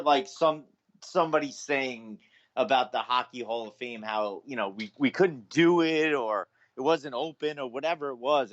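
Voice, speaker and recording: Relaxed man on a dull, lo-fi line. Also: medium pitch. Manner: relaxed, reacting with laughs. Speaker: podcast co-host. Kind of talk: casual chat. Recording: dull lo-fi sound.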